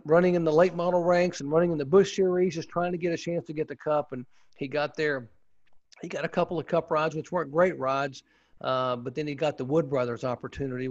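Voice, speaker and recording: A man's voice: a little high, no room sound. Former pit reporter, male, eager storyteller, dull muffled audio, dry sound. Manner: enthusiastic, rambling with restarts. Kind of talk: casual storytelling interview.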